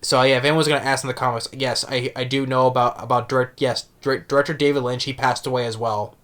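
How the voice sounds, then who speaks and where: A man talking casually as a movie reviewer, halting with many restarts and fillers. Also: mid-range voice, steady tone, fairly bright tone. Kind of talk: casual vlog talk.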